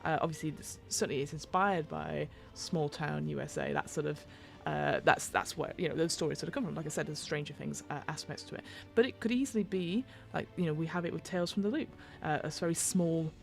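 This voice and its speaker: A British woman hosts a podcast, reading from a rulebook and wandering off into tangents as she restarts her sentences. Her voice sits low and carries a gravelly fry. A little music plays faintly underneath. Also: a little fast, few pauses. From United Kingdom. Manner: rambling, self-interrupting, tangents. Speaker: podcast host and game master. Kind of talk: reading a rulebook aloud with chatty asides.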